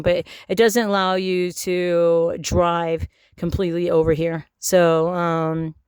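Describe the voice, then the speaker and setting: A woman's voice: fairly low pitch, darkish tone, clear, resonant tone, dry recording, studio quality. A middle-aged woman ranting in a rambling, profane casual monologue full of fillers and restarts. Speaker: vlogger.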